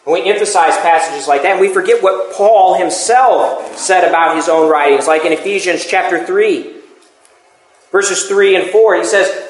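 A man gives a sermon in a relaxed, conversational teaching manner, breaking off for asides and restarting his phrases. His voice sits a little high for a man. The sound carries a roomy echo. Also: moderate pace. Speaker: preacher.

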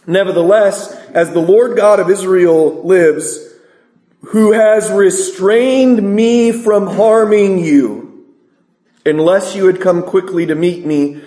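A man preaching a sermon, asking his congregation rhetorical questions and reading scripture aloud slowly. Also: fairly high pitch, steady tone, darkish tone, echoey room.

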